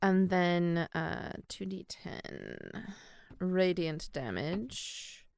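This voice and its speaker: A woman playing in a tabletop game, speaking in a slow, deliberate way. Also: on the low side, expressive, vocal fry, darkish tone, smooth, no room sound. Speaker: player. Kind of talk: casual tabletop play.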